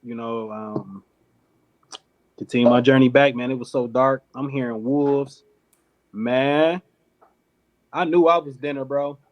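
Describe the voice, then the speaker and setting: In a muffled recording, a Detroit man who founded a clothing company tells a long story as a podcast guest. His mid-range voice is fairly even and a little slow, with frequent pauses, and he laughs often while reenacting what people said.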